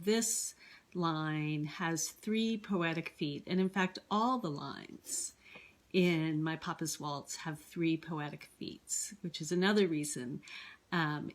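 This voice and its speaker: A woman teaching a classroom poetry lesson, explaining patiently with frequent ums and pauses. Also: on the low side.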